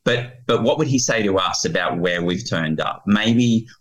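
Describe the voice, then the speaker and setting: A man's voice: fairly low pitch, moderate pace, rough recording. A man speaking earnestly as a guest on fatherhood and faith, quoting scripture. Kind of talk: earnest podcast conversation.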